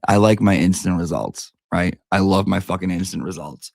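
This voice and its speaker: A man's voice: sits low, normal speed, vocal fry, a little mellow, no room sound. A man giving a brash, profane, theatrical comic review of beauty products.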